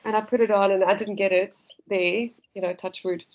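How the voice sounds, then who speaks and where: A woman's voice: mid-range voice, steady tone, fairly quick, lo-fi sound. A South African woman, a guest runner, chatting casually and telling stories with frequent laughs. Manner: chatty storyteller, laughs often. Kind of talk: casual podcast chat.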